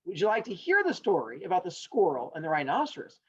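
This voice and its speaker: Patient old man storyteller, as a teacher puts him on, husky voice, slow and calm, kinda muffled audio. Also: high voice, exaggerated voice. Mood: storytelling. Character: patient old man telling kids a fable. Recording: dull lo-fi sound.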